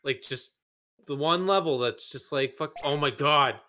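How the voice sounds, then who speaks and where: Exasperated swearing man with a bright voice. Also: fairly high pitch, unhurried. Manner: exasperated, swearing, frustrated ranting. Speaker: let's play host. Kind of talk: casual gameplay commentary.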